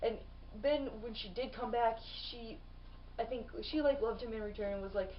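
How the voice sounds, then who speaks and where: A woman's voice: on the high side, normal speed, distant mic, muffled recording, a little hiss or hum. A young woman chatting casually in a book vlog, bubbly and full of fillers and restarts. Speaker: book vlogger.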